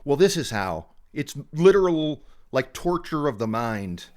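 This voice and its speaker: Male true crime podcast co-host, slightly high voice, lively delivery, chatty and emphatic. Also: unhurried. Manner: animated, storytelling, exaggerated emphasis. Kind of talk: casual chat.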